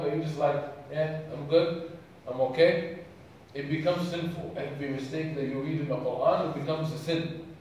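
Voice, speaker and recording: A man's voice: on the high side, darkish tone, a little hiss or hum. A man from Sudan giving a religious talk to a camp audience, often asking them questions. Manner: engaging, asks audience questions. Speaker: camp speaker. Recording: echoey hall, distant mic.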